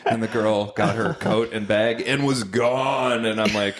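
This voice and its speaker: A man's voice: lowish voice, unhurried. A man hosting a podcast, casually telling an audition story and acting out the people in it. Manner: animated storyteller, acts out voices in anecdotes. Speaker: podcast host.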